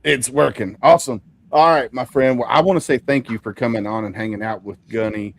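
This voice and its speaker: A man's voice: mid-range voice, fairly quick, creaky, dry recording. A middle-aged man hosting a podcast, upbeat and enthusiastic with his guests. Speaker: podcast host. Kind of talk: casual interview chat.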